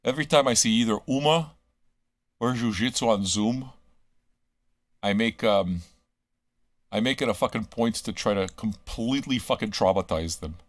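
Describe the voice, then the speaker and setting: A man's voice: lowish voice, normal speed, long pauses, no room sound. A man hosting a live radio stream, ranting crudely at his listeners with constant swearing and rhetorical questions. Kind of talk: crude rambling monologue to chat.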